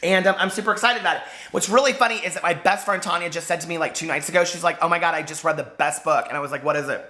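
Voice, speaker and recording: A man chatting to camera as a book vlogger, gushing and full of fillers, hoarse from losing his voice. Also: fairly high pitch, very fast, sharp tone. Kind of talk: casual chat to camera.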